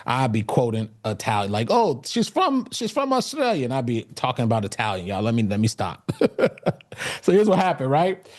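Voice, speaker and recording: A man's voice: lowish voice, a little mellow. A man speaking at an event and telling his own story as a motivational talk, with many fillers and restarts. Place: event stage.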